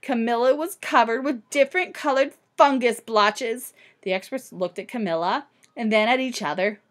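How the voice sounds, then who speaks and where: A woman teacher reading a picture book aloud to children, expressive and animated. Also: on the high side, moderate pace.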